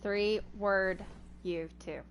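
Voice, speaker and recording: A woman's voice: medium pitch, fairly even intonation, very slow. A woman streaming a game, chatting playfully with her chat and co-players.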